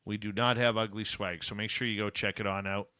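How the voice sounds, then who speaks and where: Male radio host, bright close dry sound, chatty and informal, upbeat promo reads. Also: fairly low pitch, flat delivery, brisk, clear, resonant tone, dry recording. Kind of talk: casual radio chat and show promos.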